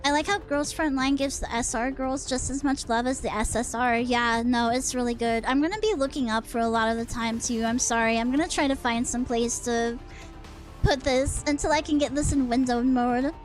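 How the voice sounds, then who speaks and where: A woman's voice: high voice, normal speed, faint music behind. A woman streamer chatting casually and teasingly, rambling with lots of fillers as she talks to her chat. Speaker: VTuber streamer.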